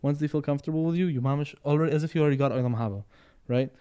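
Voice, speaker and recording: A man's voice: a little high, rapid-fire, dark tone, clear, resonant tone. A man in casual podcast conversation, rambling and repeating words, often checking in with "right?" and "you know". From Sephardi background.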